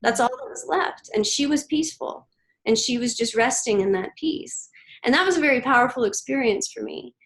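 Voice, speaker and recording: A woman in her thirties, a podcast guest, speaks earnestly and gently, pausing and restarting as she tells a personal story. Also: a little high, lively intonation, poor audio. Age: 30s. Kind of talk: reflective interview storytelling.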